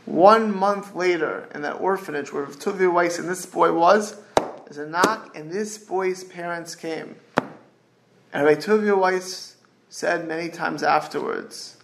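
Brief: earnest preacher, high gravelly voice, stumbles and repeats words as he presses his point. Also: background noise. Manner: earnest, repeats and restarts words, rising emphasis. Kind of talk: sermon storytelling.

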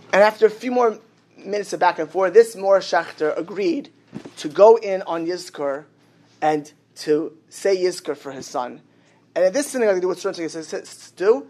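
Male rabbi, animated storyteller; sermon voice that slips into the characters' lines. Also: high voice. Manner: animated storyteller, acts out the dialogue.

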